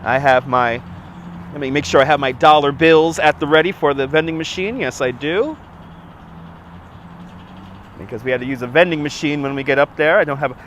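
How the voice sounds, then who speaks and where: Man, livestream host, outdoors, phone on gimbal, slightly higher voice, stuffy nose, upbeat, faint street noise. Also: fairly bright tone. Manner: chatty, upbeat, reads out viewer names. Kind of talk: live walking stream, greeting chat.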